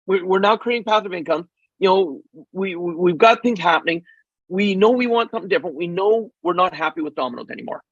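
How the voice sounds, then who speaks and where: A middle-aged man with a slightly raised, husky voice tells a story as an interview guest. He is animated and acts out the dialogue. The sound is dull, lo-fi and dry. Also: high voice, quick pace, dry recording. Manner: animated, acts out quoted dialogue, frequent ums. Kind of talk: casual storytelling in a podcast interview.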